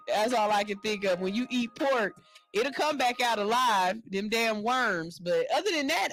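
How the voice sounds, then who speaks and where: A woman hosting a morning radio show, reading a news story aloud and riffing on it with animated jokes. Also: a little high. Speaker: radio host. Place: radio studio.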